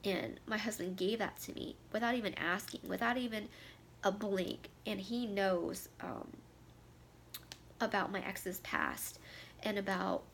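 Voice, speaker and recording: A woman's voice: mid-range voice, a little slow, creaky, a bit bright, slight background noise. A woman in her thirties talking candidly to camera, emotional and tearful, her voice sometimes sinking to a near whisper. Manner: emotional, heartfelt, voice dropping to a near whisper at times. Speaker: vlogger. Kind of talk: candid personal talk to camera.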